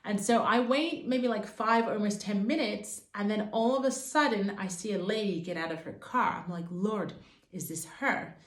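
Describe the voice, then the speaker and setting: A woman tells a personal faith story straight to her viewers. Her delivery is earnest and fervent, and her pitch sits in an ordinary middle range. The recording has a noticeable roomy echo. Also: normal speed, hardly any pauses. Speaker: Christian vlogger. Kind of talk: personal testimony to camera.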